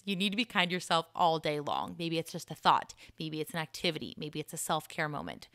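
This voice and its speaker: A woman hosting a solo podcast, chatting in a casual, encouraging way and laughing at herself, her voice starting to go a little hoarse. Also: sits low, a bit bright, no echo, clean studio sound. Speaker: podcast host.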